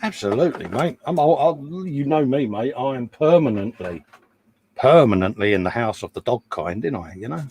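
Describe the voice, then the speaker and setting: A man's voice: mid-range voice, animated, normal speed, a little mellow. Man, casual workbench chat, teasing banter, faint background noise. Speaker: host. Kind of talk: casual chat while model building.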